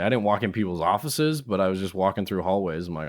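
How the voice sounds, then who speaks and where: A man's voice: fairly low pitch, fast, few pauses. A man hosting a podcast, telling a story casually, swearing and acting out what people said. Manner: animated storyteller who swears and acts out quotes. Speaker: podcast host.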